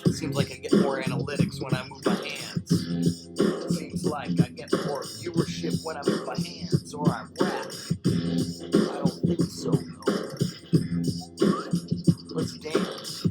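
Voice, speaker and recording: A man's voice: mid-range voice, slow, long pauses, loud music behind the voice. A man, a film teacher, chatting playfully and rambling through a casual livestream to his students.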